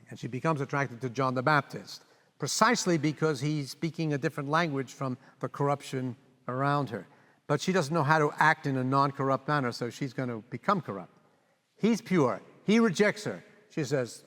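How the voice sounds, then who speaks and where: An older male conductor leads a master class, coaching a brass player and singing phrases aloud to show the shape of the music. His voice sits at a middle pitch. It carries a long reverb from a large hall. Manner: animated, sings phrases aloud.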